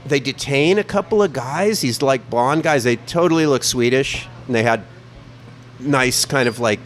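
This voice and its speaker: Animated, swearing male storyteller. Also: mid-range voice, moderate pace, slight background noise. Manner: animated, profane, many "like" fillers. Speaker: podcast guest telling a travel story. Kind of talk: casual storytelling chat.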